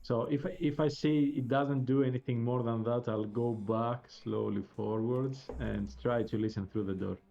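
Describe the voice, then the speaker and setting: A man's voice: mid-range voice, fairly even intonation, moderate pace, vocal fry, hardly any pauses, dark tone, highs cut off. A man playing a tabletop game over an online call, talking through his moves in a tentative way with frequent restarts. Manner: tentative, restarting phrases while planning moves. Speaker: player. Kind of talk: casual game talk.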